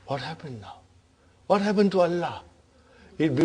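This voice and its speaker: Slow-paced male grammar teacher quizzing. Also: on the high side, lively intonation, dark tone. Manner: quizzing students with repeated questions. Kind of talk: classroom grammar lesson.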